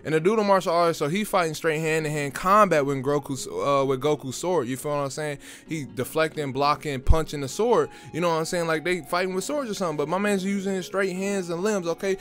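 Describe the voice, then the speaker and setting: A young man recapping a film in a casual, excited way, full of slang and stumbling over his words. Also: fairly high pitch, brisk, hardly any pauses. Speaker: video creator reviewing a film.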